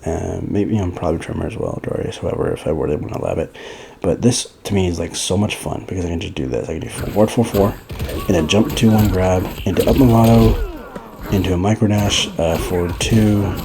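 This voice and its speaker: Man, casual gameplay commentary, deep, faint background hiss, rambling with fillers. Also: fairly quick, creaky. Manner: rambling, loose, with many fillers and restarts. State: out of breath. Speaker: gaming guide creator.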